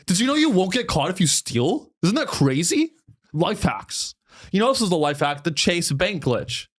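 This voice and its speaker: A man's voice: sits high, very animated, unhurried. A man hosting a comedy podcast, rambling and profane, often breaking into mocking impressions. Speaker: podcast host. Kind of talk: casual comedic podcast chat.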